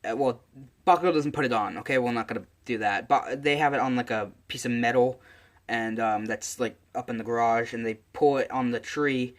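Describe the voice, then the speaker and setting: A man's voice: mid-range voice, brisk. A man casually narrating a fan story, rambling with lots of fillers and self-corrections. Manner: rambling, many fillers and restarts. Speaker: channel host.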